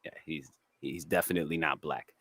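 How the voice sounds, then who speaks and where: A man with a raspy voice and a New England accent, chatting casually and laughing often on a live stream. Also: a bass voice, steady tone, fairly quick, a bit bright, no echo. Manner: slangy, laid-back, laughs often. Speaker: cannabis grower and streamer. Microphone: dry close mic, studio.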